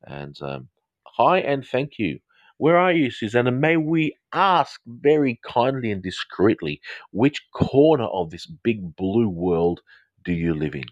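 A man's voice: fairly low pitch, sing-song, unhurried, no echo, lo-fi sound. A middle-aged man with an English-Australian accent, a psychotherapist chatting playfully and rambling with viewers during a live social media stream. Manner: playful, rambling, jokey asides.

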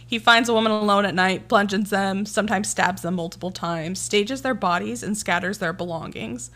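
A woman's voice: mid-range voice, moderate pace, a bit bright. A woman co-hosting a casual true-crime podcast, chatty and giggly with lots of fillers. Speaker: podcast co-host.

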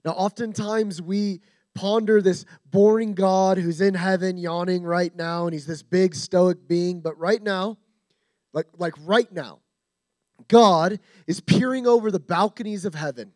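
A man's voice: high-pitched, fairly even intonation, a little slow, darkish tone, no room sound. A man preaching with confident emphasis and repeated phrases, as a guest speaker. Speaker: guest speaker at a discipleship school. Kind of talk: sermon.

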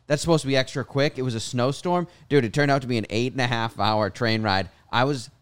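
A man's voice: medium pitch, fairly quick, clear, resonant tone. A man chatting casually, telling an offhand anecdote. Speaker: comedian. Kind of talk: casual chat.

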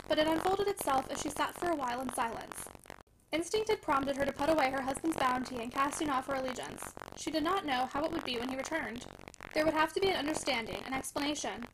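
Woman reading a novel aloud, fast and high, lots of static hiss. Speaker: podcast host and reader.

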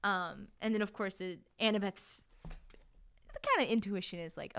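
A woman's voice: medium pitch, measured pace, a bit bright, clean tone, no echo. A woman co-hosting a podcast, chatting casually about a book and often laughing and acting out quotes. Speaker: podcast co-host.

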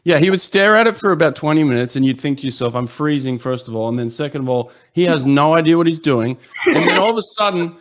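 A man's voice: fairly high pitch, animated, quick pace, hardly any pauses. Middle-aged male host, casual, jokey, chatty. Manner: jokey, chatty, laughs easily. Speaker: podcast host. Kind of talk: casual interview chat.

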